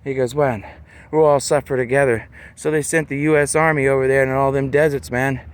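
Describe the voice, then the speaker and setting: A man talking in a loose, rambling monologue, peppering his talk with "man" and "you know" and slowing down to stress words. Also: medium pitch, fairly even intonation, clean tone.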